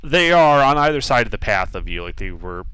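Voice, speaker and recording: A man narrating as the game master of a tabletop game, his pitch swinging widely as he talks. He fills his narration with ums and uhs. The sound is dry and close to the mic. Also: a little fast, clear, resonant tone, no echo. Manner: lively narration with many fillers.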